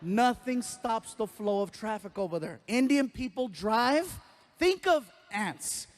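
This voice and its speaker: A man doing a stand-up comedy routine, telling an animated story and acting out voices and sound effects. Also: sits high, a little slow. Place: live comedy stage.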